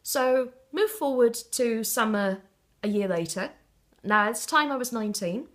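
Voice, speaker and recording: A woman from South West England telling stories in a casual interview, animated and theatrical, often laughing as she talks. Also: on the high side, a little slow. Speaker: interview guest.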